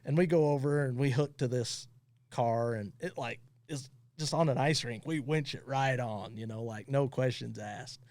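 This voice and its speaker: A man who owns a towing company, guesting on a podcast and telling funny stories in a casual, animated way, often laughing as he talks. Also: medium pitch, moderate pace, dry recording. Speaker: tow truck company owner, podcast guest. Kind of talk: casual storytelling.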